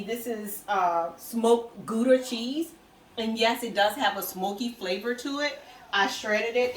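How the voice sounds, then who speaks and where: A woman's voice: mid-range voice, distant mic, slight background noise. Chatty woman cooking in a roomy kitchen. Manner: chatty, rambling, self-correcting. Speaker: cooking vlogger. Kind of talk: casual cooking vlog. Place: home kitchen, cooking at the stove.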